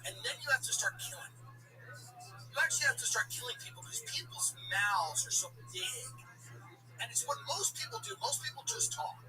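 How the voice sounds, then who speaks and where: Comedian host, sardonic and rambling, recorded off-mic with music playing underneath. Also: male voice, very high-pitched, very animated, brisk, sharp tone, far from the mic, poor audio. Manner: sardonic, digressive, many asides.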